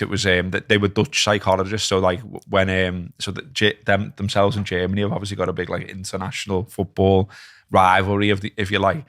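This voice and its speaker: Guy on a footy podcast, low and gravelly, gets worked up telling stories. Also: dry recording, clean studio sound. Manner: chatty, animated when retelling rows. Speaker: podcast host. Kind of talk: casual chat.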